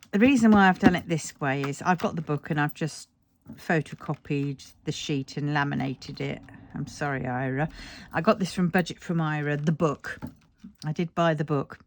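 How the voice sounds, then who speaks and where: A woman's voice: deep voice, a little hiss or hum. An older woman chatting casually about her budget, rambling and self-deprecating and a little tired. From England. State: tired, yawning. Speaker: budgeting vlogger. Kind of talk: casual chat.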